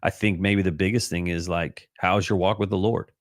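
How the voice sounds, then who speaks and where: A middle-aged man with a very low voice speaks earnestly and with open emotion in a casual faith livestream. He rambles, restarts his sentences and fills pauses as he shares personal thoughts. The sound is dry and close, with almost no room echo. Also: steady tone. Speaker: livestream host. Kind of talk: casual devotional livestream talk. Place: home livestream. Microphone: computer livestream mic.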